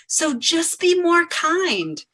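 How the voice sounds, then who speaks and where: A woman speaking in an inspirational talk, slow, gentle and encouraging. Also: very high voice, big pitch swings, rough recording.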